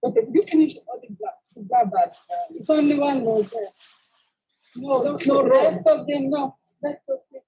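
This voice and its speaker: A woman's voice: high voice, very animated, moderate pace, pauses often, warm tone. A woman speaking in short, fragmented, flustered bits. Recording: dull lo-fi sound.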